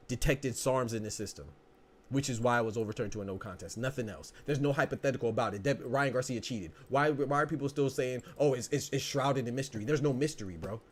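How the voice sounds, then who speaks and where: A man hosting a podcast, ranting in a heated, profane way and saying "bro" again and again. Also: mid-range voice. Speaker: podcast host. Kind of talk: casual ranting podcast talk.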